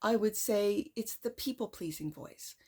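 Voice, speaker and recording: A woman giving a tarot reading to camera in an excited, emphatic way. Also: medium pitch, measured pace, slightly rough. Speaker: tarot card reader.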